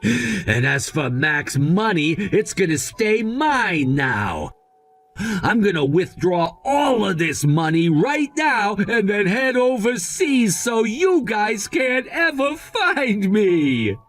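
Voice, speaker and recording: A scheming young crook with a short fuse, voiced by a man, bursting into indignant shouts. His voice sits high and swoops widely, and he drags out his words slowly. Faint music plays underneath. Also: sing-song, exaggerated voice. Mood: gloating. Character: scheming, hot-tempered young man caught stealing.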